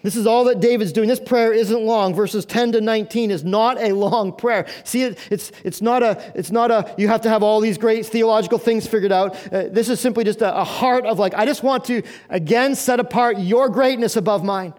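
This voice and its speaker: A man's voice: high-pitched, fairly even intonation, a little fast, few pauses, a little mellow. A male pastor preaching a sermon in an earnest, conversational way, asking the congregation questions.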